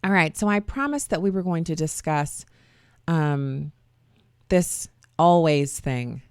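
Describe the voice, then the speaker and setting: A woman's voice: sits low, big pitch swings, moderate pace, smooth, dry recording, studio quality. A middle-aged woman hosting a talk radio show, chatty and sarcastic with folksy asides. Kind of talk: opinionated talk radio monologue.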